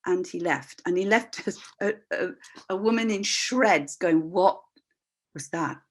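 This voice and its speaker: Older woman, voice practitioner, candid and expressive storyteller on a video call. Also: medium pitch, measured pace. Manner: expressive, acts out voices in her stories; candid, reflective, with frequent restarts. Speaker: voice practitioner and workshop leader. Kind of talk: personal storytelling talk.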